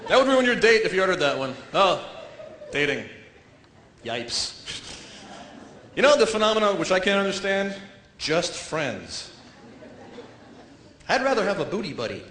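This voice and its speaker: Animated high-voiced stand-up comic man. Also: normal speed, long pauses, a faint crowd. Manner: animated, jumps into silly character voices. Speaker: stand-up comedian. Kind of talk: stand-up comedy set. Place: comedy stage before a live audience. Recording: echoey stage with faint noise.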